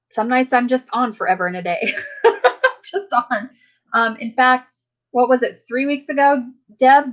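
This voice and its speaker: A woman hosting a casual live chat and talking to her viewers in a rambling, friendly way, with lots of fillers. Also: fairly high pitch. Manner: rambling, chatty, many fillers; warm, friendly toward viewers. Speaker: live stream host.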